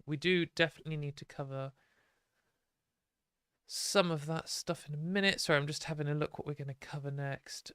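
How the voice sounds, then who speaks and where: A woman's voice: sits low, steady tone, moderate pace, a bit bright, clean tone, no room sound, clean studio sound. A young British woman hosting a livestream, ranting in exasperated, sweary, sarcastic commentary. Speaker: livestream host.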